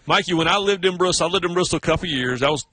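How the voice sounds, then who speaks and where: A man's voice: very fast, husky, no echo. A middle-aged man from South Carolina with a Southern accent, telling stories as a radio sports host. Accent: Southern American. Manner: animated storyteller, breaks into high mocking voices for others. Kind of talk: casual radio chat.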